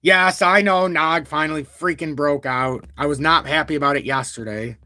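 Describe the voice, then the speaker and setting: A man hosting a crypto live stream, talking at length in a blunt, calm and even tone while reading out viewer super chats. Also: a little high, normal speed, dry recording. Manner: talkative and blunt, reads super chats aloud; calm, even-toned delivery even when annoyed. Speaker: crypto livestream host. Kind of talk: live-stream market commentary.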